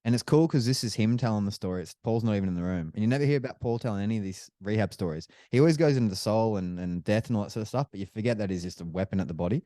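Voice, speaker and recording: A man's voice: on the low side, racing, few pauses, warm tone, no room sound, clean studio sound. A man co-hosting a podcast in casual chat, telling rambling stories and swearing freely.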